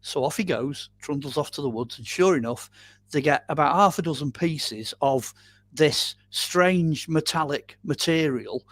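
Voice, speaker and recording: A man being interviewed as a guest, telling a long story in a casual, animated way with frequent "um"s and "you know"s. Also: on the high side, measured pace. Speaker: guest storyteller on a paranormal podcast.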